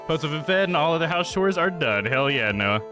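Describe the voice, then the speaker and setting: A man's voice: a little high, lively intonation, fairly quick. A young man chatting casually with viewers on a live stream, laid-back and swearing freely. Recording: game music behind.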